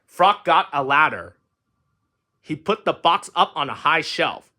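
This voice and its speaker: A man reading a children's storybook aloud with expressive, lilting narration. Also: a little high, a little slow. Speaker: storybook reader.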